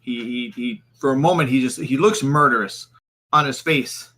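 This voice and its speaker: Game master, male, bright voice, stop-start delivery. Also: medium pitch. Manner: halting, many fillers and restarts. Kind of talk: narrating a tabletop game.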